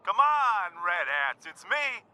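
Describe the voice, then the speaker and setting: An actor playing a scheming male cartel fixer in a video game, talking with loud, theatrical salesman patter. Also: sits high, big pitch swings, slow, heavily acted. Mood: wheedling. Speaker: game character.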